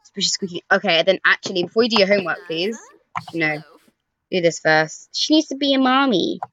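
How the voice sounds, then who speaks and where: A woman's voice: mid-range voice, brisk, a bit bright, low-quality recording. A young woman giving casual let's-play commentary, chatting to the characters in her game with sighs and groans. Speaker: gaming YouTuber. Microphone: desk microphone.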